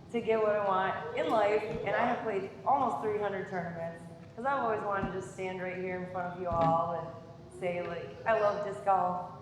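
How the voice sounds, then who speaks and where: A nervous woman at a podium tells a lively story in her acceptance speech, chuckling now and then. Her voice sits at a middle pitch and rings around a big reverberant hall. A steady hum of room noise runs behind her. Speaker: hall of fame inductee giving a speech. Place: large echoey event hall.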